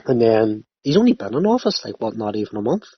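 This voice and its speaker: A man's voice: on the low side, very animated, fast talker, husky. A man hosting a podcast, ranting and swearing through casual banter with a friend. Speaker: podcast host. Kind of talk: casual chat. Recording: dry, slightly muffled lo-fi.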